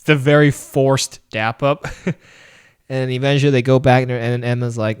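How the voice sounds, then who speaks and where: Man, podcast co-host, casual movie chat, animated retelling, acts out lines, laughs a lot, middle pitch. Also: a little slow, clean tone.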